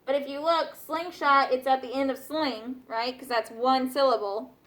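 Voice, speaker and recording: A woman's voice: high voice, normal speed. A woman teacher giving patient classroom instructions, often checking in with her students.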